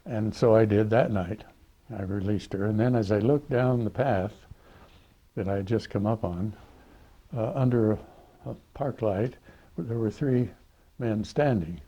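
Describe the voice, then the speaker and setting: An older man telling stories from his own life in an unhurried, dry-witted way, with pauses and fillers. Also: fairly low pitch, lo-fi sound. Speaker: interviewee. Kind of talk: anecdotal storytelling.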